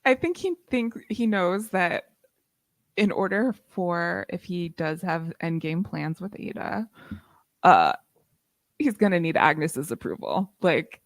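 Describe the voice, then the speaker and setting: A woman's voice: lowish voice, dry recording. A woman co-hosting a podcast, chatting casually about a TV episode, laughing often and quoting characters. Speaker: podcast co-host. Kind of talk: casual TV recap chat.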